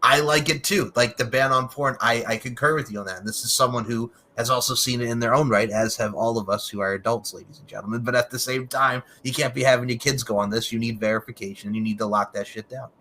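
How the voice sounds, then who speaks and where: A man's voice: mid-range voice, fairly even intonation, fast, few pauses, sharp tone, a little hiss or hum. A man hosting a casual podcast interview, chatty and loose, laughing often and swearing casually. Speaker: podcast host.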